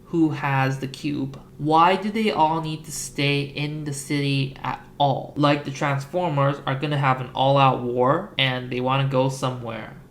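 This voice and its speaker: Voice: mid-range voice, fairly even intonation, unhurried, few pauses. A video essayist giving comedic movie commentary with sarcastic, wry asides. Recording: echoey room with faint noise.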